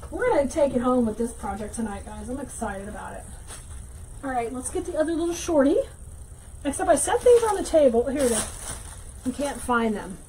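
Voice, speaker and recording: Chatty high-voiced woman teaching wreaths. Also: animated, brisk, a little hiss or hum, rough recording. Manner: chatty, reads viewer comments aloud, thinks out loud while working. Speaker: wreath-making teacher and livestream host. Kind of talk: casual livestream craft tutorial.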